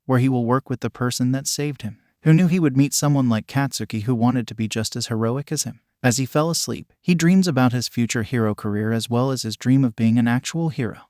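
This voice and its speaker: A man narrating a fan-written story in an even, steady reading voice. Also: medium pitch, no room sound, studio quality.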